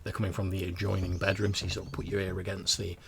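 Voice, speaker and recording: A man's voice: low voice, completely flat delivery, quick pace, gravelly, noisy background. A man narrating a tabletop game as game master, describing scenes with frequent restarts.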